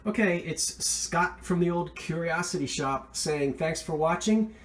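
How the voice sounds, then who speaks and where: A man's voice: on the high side, a little slow. A man hosting a thrift haul video, talking casually and enthusiastically about his finds, rambling with plenty of fillers and self-corrections. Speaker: thrift reseller vlog host. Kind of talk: casual show-and-tell chat.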